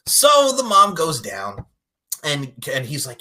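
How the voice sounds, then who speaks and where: Animated, profane man recapping a movie. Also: a little high, slow pace. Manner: animated, profane, acts out characters' lines. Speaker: podcast co-host. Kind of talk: casual movie recap chat.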